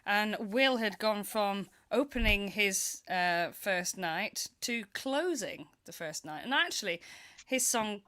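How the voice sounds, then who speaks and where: Bright-voiced woman panelist. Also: mid-range voice, animated, slow. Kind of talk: live panel chat.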